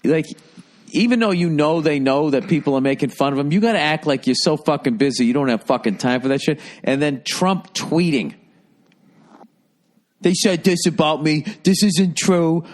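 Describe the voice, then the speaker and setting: A middle-aged man co-hosting a podcast, chatting casually in a profane, animated ranting way. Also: a little high, brisk. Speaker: podcast co-host. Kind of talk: casual chat.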